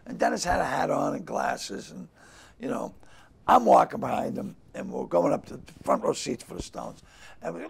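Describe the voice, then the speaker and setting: Gravelly older man, lively storyteller. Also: on the high side, a little fast. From Boston. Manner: animated storyteller who acts out quotes with loud bursts. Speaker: comedian guest. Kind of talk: casual interview storytelling.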